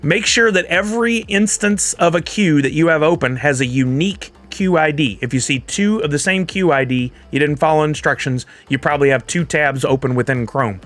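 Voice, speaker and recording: A man's voice: on the high side, fairly quick, few pauses, a bit bright, faint music behind. A man hosting a casual livestream, chatty and upbeat, walking viewers through steps and reading out their comments. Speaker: livestream host.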